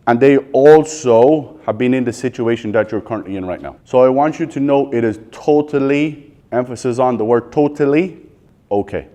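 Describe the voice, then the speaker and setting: A man's voice: mid-range voice, warm tone. An Irish man in his thirties leading a live sales training, firing questions at the room and answering bluntly, with some swearing. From Ireland. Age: 30s. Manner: quizzes the audience with rapid questions, blunt and profane.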